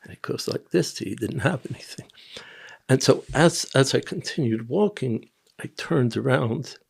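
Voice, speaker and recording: An older man from Tennessee, a podcast guest, telling personal stories in a rambling, halting way with quiet asides. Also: medium pitch, gravelly, breathy edge. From Nashville, Tennessee. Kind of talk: personal storytelling in an interview.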